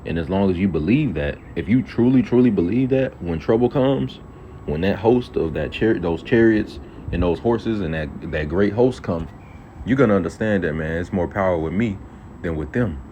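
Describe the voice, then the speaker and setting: Deep, dark-voiced man preaching casually. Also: animated, normal speed. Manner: reads scripture aloud, then explains it in loose everyday talk; peppers speech with "all right" and "okay". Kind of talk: casual Bible teaching. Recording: dull lo-fi audio with faint traffic noise.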